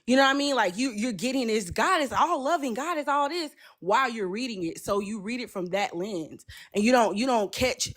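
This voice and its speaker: A woman telling a personal story in casual chat, animated and passionate, acting out both sides of a conversation. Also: a little high, brisk, hardly any pauses. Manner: passionate and loud by her own account.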